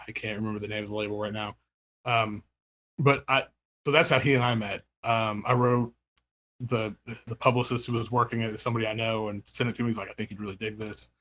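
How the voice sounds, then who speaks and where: A man's voice: lowish voice, level tone, brisk, a bit bright. A man in casual interview chat, talking about running his record label, rambling with many fillers, restarts and laughs. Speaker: label owner and music writer.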